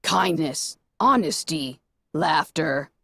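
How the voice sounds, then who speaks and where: A woman reading a fan fiction story aloud and voicing a calm, lecturing voice that speaks through a flying robot orb. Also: low voice, slow, creaky, dry recording, studio quality, pitched below the performer's own voice, full character voice. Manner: calm, lecturing, slightly hesitant.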